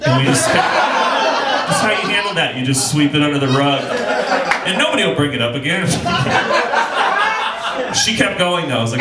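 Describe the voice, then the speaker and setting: Lively deadpan male stand-up comic. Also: a little high, measured pace, pauses often, a loud crowd. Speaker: stand-up comedian. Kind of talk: stand-up comedy. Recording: roomy club, loud audience laughter.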